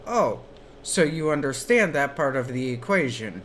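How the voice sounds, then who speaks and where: A man's voice: mid-range voice, very animated, normal speed, fairly bright tone, slight background noise. A man voicing a patient male college math professor who asks short questions in broken English. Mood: probing.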